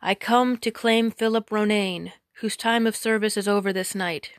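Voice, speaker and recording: A woman's voice: mid-range voice, fairly even intonation, moderate pace, dry recording, studio quality, lightly acted. A woman voicing a humble, wary grown male blacksmith who speaks earnestly in old-fashioned phrasing.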